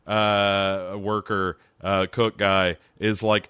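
A man's voice: deep voice, extremely slow, clear, resonant tone, no echo, studio quality. A man co-hosting a casual podcast chat, recapping an episode and acting out scenes in little voices. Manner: animated, acts out scenes in voices. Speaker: podcast co-host.

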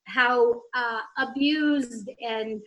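A woman telling a story in casual chat, snarky and animated, swearing freely. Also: on the high side, drawn-out words, highs cut off.

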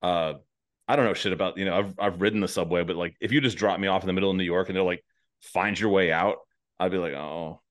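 A man's voice: sits low, fairly even intonation, quick pace. A man hosting a casual comedy podcast, talking loosely and profanely and laughing often.

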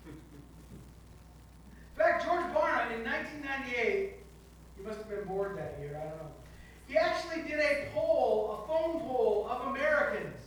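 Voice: mid-range voice, expressive, normal speed, a bit bright, slight background noise. A pastor giving a sermon in a conversational storytelling manner with touches of humor. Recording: echoey hall from far off, faint background.

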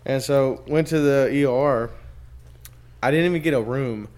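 A man's voice: mid-range voice, measured pace, a little mellow. A young man in casual chat, telling long stories with plenty of swearing and filler words. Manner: profane, rambling storyteller.

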